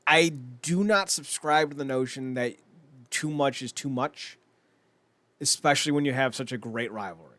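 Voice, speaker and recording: A young man co-hosting a podcast, chatting casually and excitably, rambling with lots of fillers and frequent laughs. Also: medium pitch, moderate pace, dry recording. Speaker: podcast co-host. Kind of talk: casual wrestling chat.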